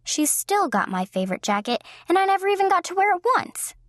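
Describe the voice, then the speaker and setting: A woman's voice: very high voice, very animated, brisk, fairly bright tone, slight background noise, voice pushed up, exaggerated voice. A woman reading the lines of a young woman just out of college, with dry, polite humor. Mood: wry. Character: wry young woman, new college graduate.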